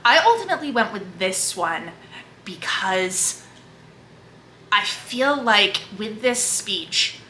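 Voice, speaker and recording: A woman's voice: medium pitch, expressive, takes it slowly, sharp tone, slight background noise. A woman at home in a casual, enthusiastic book talk, effusive about what she loves. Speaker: book video creator. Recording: echoey room.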